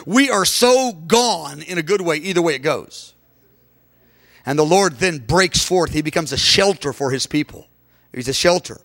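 High-voiced man preaching emphatically. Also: a bit bright. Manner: emphatic preaching, acting out quotes. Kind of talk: sermon.

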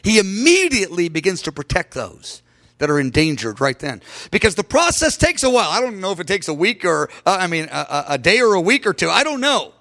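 A man's voice: sits high, very animated, brisk, gravelly, a bit bright. A middle-aged man preaching a sermon emphatically, acting out quoted lines.

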